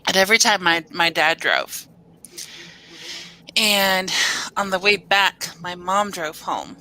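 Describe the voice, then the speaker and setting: A woman's voice: lowish voice, slow, low-quality recording. A woman telling a family road-trip story in a casual video-call chat, laughing between lines. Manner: relaxed anecdote-teller who laughs between lines.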